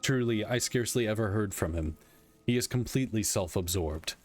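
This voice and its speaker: A man reading aloud the lines of a weary male god-king who speaks dryly and candidly, in a plain, measured voice. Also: lowish voice, faint music behind, lightly acted. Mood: solemn.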